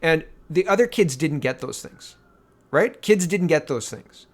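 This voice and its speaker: A man's voice: on the high side, expressive, unhurried. A man in his thirties from Canada, hosting a casual solo political commentary with a blunt, exasperated and sarcastic manner.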